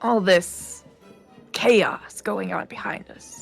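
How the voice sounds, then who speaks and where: A woman's voice: mid-range voice, slow pace, gravelly, faint music behind. A woman playing in a tabletop game, chatting politely and casually and often laughing. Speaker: player.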